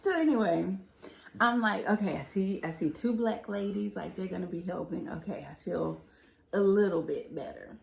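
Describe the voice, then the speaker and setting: A woman's voice: medium pitch, normal speed, creaky, a little mellow. A young woman casually telling the story of her baby's birth, laughing often as she talks. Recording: echoey room.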